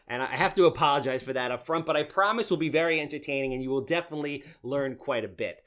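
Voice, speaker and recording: A man's voice: medium pitch, quick pace, fairly bright tone. A man with a nasal voice, hosting a podcast in brash, joking chat. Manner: brash, joking salesman patter. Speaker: podcast host. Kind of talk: casual interview chat.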